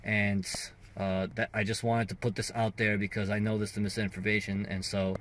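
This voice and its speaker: A man with a lowish, slightly bright voice speaks briskly and flatly over faint background noise. He hosts a singing and guitar channel and, in a casual video lesson, chats through vocal registers with fillers, breaking into short sung demo notes.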